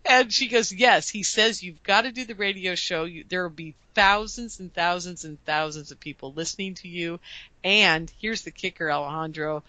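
A woman guest telling a lively story in an interview, acting out the voices of the people she quotes. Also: normal speed, no echo. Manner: lively, acts out quoted dialogue with raised pitch. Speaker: guest, UFO conference producer.

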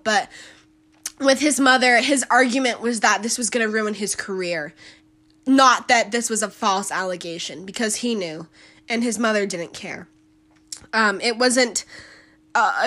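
A woman's voice: a little high, pushed and bright. A woman hosting a solo podcast, talking bluntly and emphatically in a casual commentary style. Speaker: podcast host.

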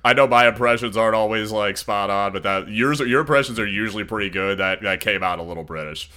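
Man, deep low voice, podcast co-host, casual rambling chat, lots of fillers. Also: fast, bright, forceful tone. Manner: rambling, with many fillers and restarts.

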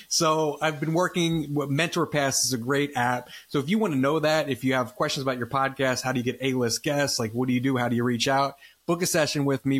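A man's voice: mid-range voice, a bit bright. A man hosting a podcast in a casual interview chat, talkative and often tagging lines with "right?". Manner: chatty, says "right?" often. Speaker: podcast host. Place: based in Los Angeles.

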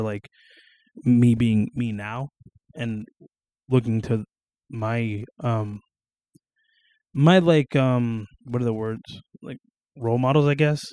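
Young male solo podcaster, mellow, dry-sounding home recording, rambling and profane. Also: medium pitch, dry recording. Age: young adult. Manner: rambling, swears casually, many fillers and restarts. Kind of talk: casual solo podcast monologue. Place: at home, on camera.

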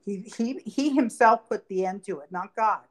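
A woman's voice: mid-range voice, moderate pace. A woman reading Bible verses aloud and explaining them in conversation as a podcast co-host. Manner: reads scripture aloud then explains it conversationally. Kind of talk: Bible study talk.

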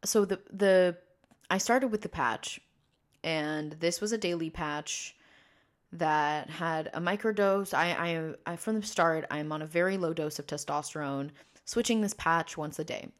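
On his personal podcast, a young trans man in his early twenties rambles, full of fillers, restarts and tangents. His voice is fairly high, a pitch he trained himself to use.

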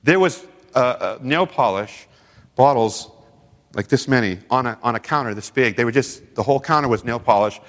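A man's voice: medium pitch, expressive, moderate pace. A middle-aged man, a former youth pastor, tells heartfelt stories at a men's seminar and acts out other people's lines. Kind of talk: storytelling sermon. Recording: long reverb of a large hall.

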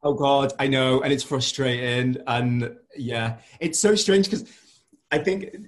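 A man's voice: medium pitch, takes it slowly. A man with a Scouse accent, chatting casually as a podcast host, laughing often and swearing freely. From Liverpool. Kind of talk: casual chat.

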